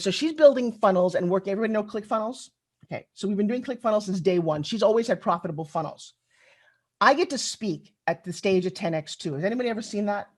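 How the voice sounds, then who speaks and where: A middle-aged woman telling stories in a chatty conference keynote and speaking straight to the audience. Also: mid-range voice. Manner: animated, chatty, addresses the audience directly.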